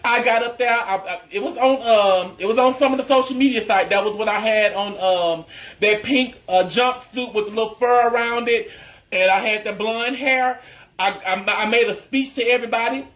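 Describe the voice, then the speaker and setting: A man's voice: very high-pitched, normal speed, fairly bright tone. A man who creates social media content, telling a casual story to his followers in a chatty, emphatic way and addressing them as y'all.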